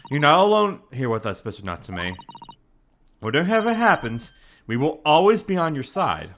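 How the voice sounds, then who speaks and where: A player reading a game's composed young female legal assistant, polite and measured. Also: medium pitch, sing-song, fairly bright tone, a little hiss or hum. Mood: reassuring.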